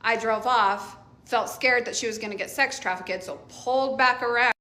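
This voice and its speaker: A woman's voice: on the high side, moderate pace, sharp tone. Blunt mother telling a storytime. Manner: laughs often, offhand and blunt. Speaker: mother telling a story about her teenage daughter. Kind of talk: casual storytime chat.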